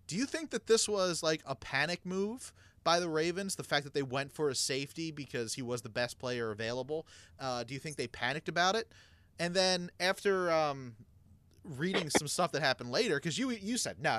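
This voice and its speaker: A man co-hosting a casual sports chat, telling his story in a chatty way and getting loud when excited. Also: on the high side, a little fast, no echo. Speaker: podcast co-host.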